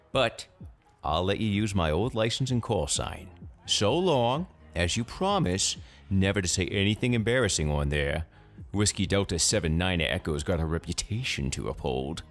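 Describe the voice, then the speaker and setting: Grumbly old grandpa, a narrator doing him, folksy swearing, deep voice pushed up a bit. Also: male voice. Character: cranky old grandfather, gruff and proud.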